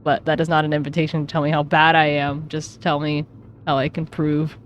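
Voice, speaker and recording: A woman's voice: sits low, monotone, fairly quick, slight background noise. A woman streaming a game, chatting casually and rambling with self-mocking jokes. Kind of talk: casual gaming commentary.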